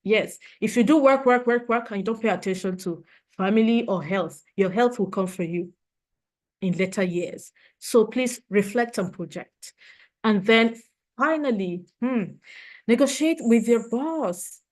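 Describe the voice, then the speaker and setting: A woman's voice: fairly high pitch, unhurried. A woman trainer giving a motivational leadership talk, earnest and emotional, repeating her points for emphasis.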